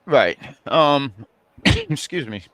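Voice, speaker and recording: A man's voice: fairly high pitch, wildly swooping pitch, drawn-out words, fairly bright tone, no room sound. A man co-hosting a casual online chat, rambling with many fillers and restarts. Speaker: co-host.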